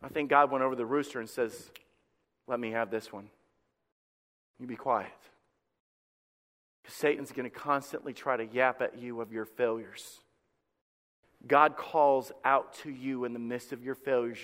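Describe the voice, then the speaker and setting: A man preaching a sermon as pastor, with impassioned delivery that swings from hushed to loud and a habit of repeating his first words. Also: medium pitch, fairly even intonation, normal speed, long reverb tail. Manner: repeats words when starting a phrase.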